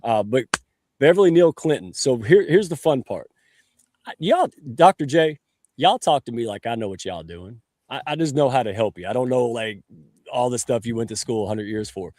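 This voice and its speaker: A man's voice: medium pitch, animated, normal speed, a little mellow, no room sound. A man hosting a livestream on a video call, folksy and joking with his guests. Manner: folksy and joking, calls himself a redneck. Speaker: show host.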